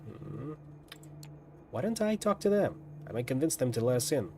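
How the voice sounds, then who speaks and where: Man reading a game aloud, lively voice. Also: medium pitch, moderate pace, music in the background. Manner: lively, lightly dramatic narration with asides. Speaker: streamer. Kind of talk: reading a visual novel aloud.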